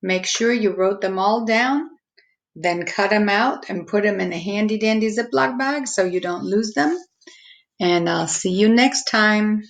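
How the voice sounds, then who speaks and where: A woman teacher slowly walking young students through a phonics lesson, stretching out each word's sounds. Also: medium pitch, low-quality recording. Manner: slow, patient, stretching out each word sound.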